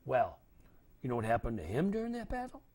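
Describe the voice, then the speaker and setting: An older man telling a story to children, dramatic and animated, dropping to whispers and acting out voices. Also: mid-range voice, a little fast, slight background noise.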